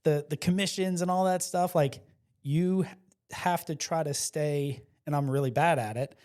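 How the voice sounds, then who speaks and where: Excitable guy from south louisiana, fairly high voice, tells stories and acts out the quotes. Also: moderate pace. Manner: animated storyteller, acts out quotes; passionate, excitable. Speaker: podcast guest. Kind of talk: casual interview chat.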